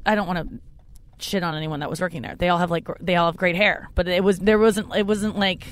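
A woman's voice: lowish voice, fairly even intonation, a little fast, slight background noise. Rambling, chatty woman podcast host. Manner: rambling, chatty, frequent swearing. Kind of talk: casual monologue.

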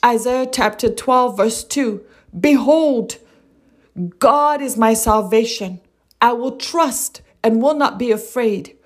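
This woman's voice is on the high side and slow as she preaches a devotional message. In an earnest manner she reads scripture aloud, goes back over certain lines, and asks questions she doesn't expect answered.

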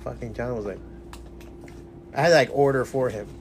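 A man's voice: mid-range voice, a little fast, slight background noise. A man hosting a casual chat in a comic shop, swearing freely and mimicking people in his stories. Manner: profane, laughs often, mimics people in anecdotes. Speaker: podcast host.

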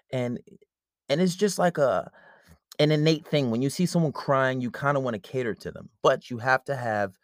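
A man's voice: medium pitch, no echo, studio quality. Blunt man giving casual dating advice. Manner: blunt, conversational, acts out quoted dialogue. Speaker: podcast host. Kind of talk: casual relationship advice monologue.

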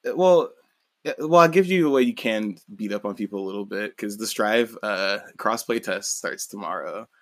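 A young man co-hosting a casual podcast, with a slightly low voice. He swears loosely and stumbles over his restarts, recorded close and dry with no room sound. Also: normal speed, no room sound. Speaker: podcast co-host. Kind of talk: casual chat.

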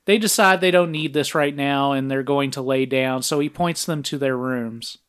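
A man's voice: mid-range voice, moderate pace, fairly bright tone, clear, resonant tone. A man co-hosting a podcast, walking through a movie's plot in a casual, step-by-step recap with frequent filler sounds. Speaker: podcast co-host.

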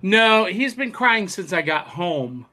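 A man hosting a podcast over a video call, reading out listener comments in a relaxed, chatty way. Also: high-pitched, slow. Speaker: podcast host.

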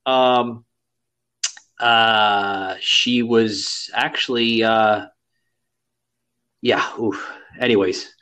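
A man's voice: on the low side, steady tone, extremely slow, pauses often, pushed and bright, smooth. A man hosting a podcast in casual chat, rambling and crude, with many fillers. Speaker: podcast host.

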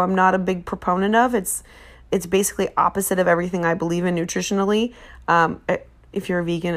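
A woman in her 40s hosts a podcast, chatting casually in a rambling way full of fillers and self-corrections. Her voice is lowish and creaky, with a slightly bright quality.

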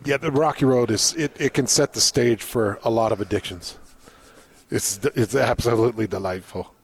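A man's voice: on the low side, normal speed. Male sports radio co-host, loose and jokey, storyteller. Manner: joking, storytelling, animated. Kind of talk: casual sports radio chat.

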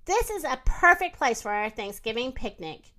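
A woman voicing a cheerful farmer's wife in a children's storybook, giving bright instructions. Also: a little high, very animated, normal speed.

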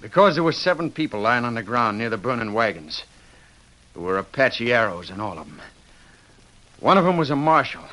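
A rugged Western drifter who has been passing himself off as a marshal, earnest and on the defensive in a 1940s radio play. His voice is bright and forceful, with a middle pitch. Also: very animated, a little fast, rough recording. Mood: tense.

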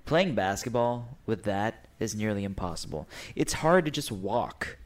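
A man's voice: fairly low pitch, animated, measured pace. A man co-hosting a casual sports podcast, laid-back and full of fillers. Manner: laid-back, fond of fillers like "you know". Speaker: podcast co-host.

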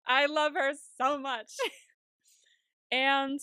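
A woman co-hosting a casual TV recap podcast, chatty and quick to swear and laugh. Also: high voice, fairly even intonation, bright, forceful tone, dry recording, studio quality. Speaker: podcast co-host.

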